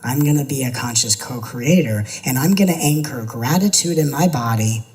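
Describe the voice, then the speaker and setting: A man's voice: mid-range voice, lively intonation, moderate pace, darkish tone, rough recording. Guy doing a spiritual talk, earnest, repeats himself a lot, kinda playful, normal mid voice. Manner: earnest, building repetition, slips into playful mimicry. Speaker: spiritual teacher.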